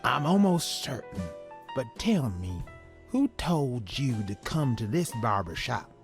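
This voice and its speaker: Brief: a gruff suspicious barber, lively inflection, game music clear behind. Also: male voice, mid-range voice, slow.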